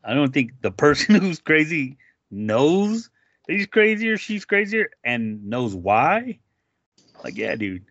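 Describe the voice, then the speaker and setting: A blunt man talks frankly and swears freely, his pitch moving up and down with a bright edge. The sound is dry and close, with a dull lo-fi quality. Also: sing-song, unhurried, no echo. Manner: blunt, profane, plain-spoken. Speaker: father, conversation partner. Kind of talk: candid personal conversation.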